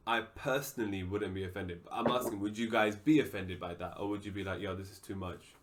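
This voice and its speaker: A man's voice: fairly low pitch, brisk, background noise. A man co-hosting a casual podcast chat, putting questions to his friends in a loose, swearing way. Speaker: podcast co-host.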